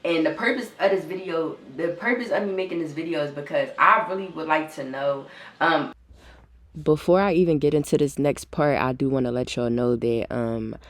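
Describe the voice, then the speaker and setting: A woman's voice: low voice, normal speed, reverberant. A young woman telling her story straight to viewers in a vlog, near tears, raw and repetitive, swearing often. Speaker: vlogger.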